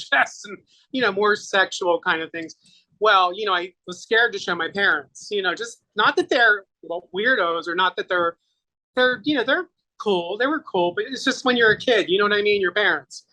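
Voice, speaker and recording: A middle-aged man, a guest on an interview show, chatting casually and telling animated stories, acting out what people said with laughs. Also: high voice, poor audio. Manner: animated storyteller, acts out quotes with laughs. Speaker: guest, makeover artist and singer.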